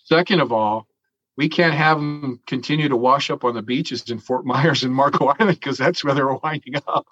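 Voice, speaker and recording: A man with a medium-pitched, fairly bright voice, recorded with the highs cut off, tells a long, drawn-out story in a casual interview, swearing freely and chuckling as he goes.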